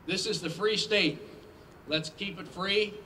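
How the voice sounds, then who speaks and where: A man's voice: high-pitched, unhurried, pushed and bright. A man speaking at a rally for a gun club, earnestly urging supporters to act. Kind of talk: rally speech. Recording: distant mic with ambient noise.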